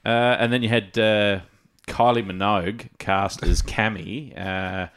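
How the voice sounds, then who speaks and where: A man's voice: fairly low pitch, steady tone, a little slow, a bit bright, clear, resonant tone. A man co-hosting a casual gaming podcast, telling stories in a chatty way and laughing at his own jokes. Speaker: podcast co-host.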